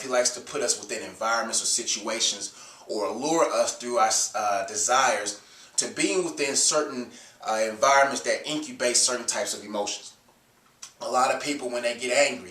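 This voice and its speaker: A man's voice: mid-range voice, a bit bright, distant mic. A man with a stuffed-up cold, giving earnest faith advice with frequent fillers and restarts. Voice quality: nasal. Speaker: Christian video host. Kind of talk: casual faith advice talk. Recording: roomy echo, off-mic.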